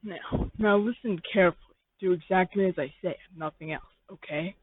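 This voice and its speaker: A narrator voicing a creepy, teasing young man who talks low and bossy in a fan fiction reading. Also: moderate pace, a little hiss or hum, lightly acted. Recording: tinny phone-like dry sound.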